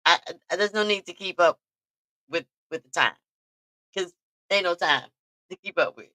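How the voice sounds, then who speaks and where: This podcast host has a fairly low, bright, forceful voice and speaks at a moderate pace in an echo-free recording. She runs a casual talk show, spinning animated stories, laughing frequently and talking directly to her audience.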